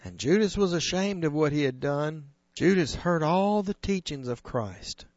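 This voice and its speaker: An earnest man preaching, stressing key phrases and drawing them out slowly. His voice sits a little high. The recording is dry and close, with a dull, lo-fi tone. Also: very animated, a little mellow, no echo. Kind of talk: sermon retelling scripture.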